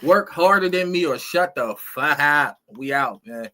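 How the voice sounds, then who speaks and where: A man's voice: a little high, expressive, a little slow, bright, forceful tone. A man hosting a podcast network, signing off in casual talk that is hyped, profane and full of street slang.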